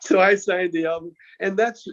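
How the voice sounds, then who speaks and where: A male guest with a high-pitched voice and fairly even intonation speaks at normal speed, casually recounting a long anecdote. He chuckles often and frequently stammers and restarts his sentences, heard through dull lo-fi sound.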